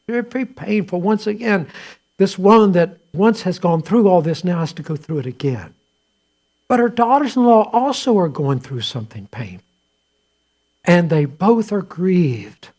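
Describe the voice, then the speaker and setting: A man preaching a sermon as a pastor, telling the story conversationally with restarts and shifts between quiet asides and louder points. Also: fairly high pitch, animated, unhurried. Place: church.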